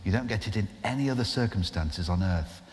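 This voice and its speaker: A man, a guest impressionist, telling an animated anecdote on a festival stage in front of an audience. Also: on the low side, fairly quick. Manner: animated storyteller, restarts. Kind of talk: live podcast anecdote. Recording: live hall reverb with faint noise.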